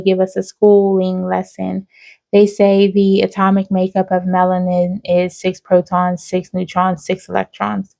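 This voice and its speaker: A woman talks viewers through an intuitive spiritual reading in a mellow, warm voice. Her pitch stays level and even. She keeps checking in with "okay?" as she reels off numbers and signs. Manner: frequent "okay?" tag questions, reeling off numbers. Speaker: spiritual reader.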